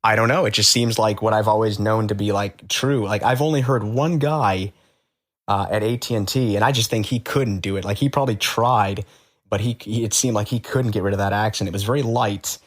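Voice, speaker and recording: A man as an interview guest, telling stories in a halting, matter-of-fact way with many fillers. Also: on the low side. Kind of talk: conversational storytelling.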